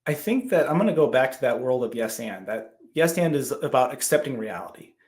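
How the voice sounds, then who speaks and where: A brisk, mid-range male voice belongs to a podcast guest in his thirties. In easygoing interview talk, he tells animated stories and voices his own quoted remarks.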